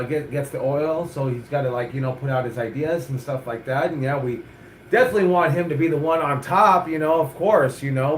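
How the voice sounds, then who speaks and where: A man's voice: on the high side, echoey room, a little hiss or hum. A middle-aged man, a wrestling coach hosting a chat show, talking bluntly and profanely with lots of energy. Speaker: wrestling coach and podcast host. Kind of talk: casual chat.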